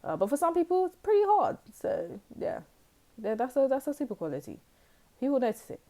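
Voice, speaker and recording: A woman's voice: a little high, dark tone. A woman giving a casual, rambling tarot reading to her viewers, full of fillers and asides. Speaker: tarot reader.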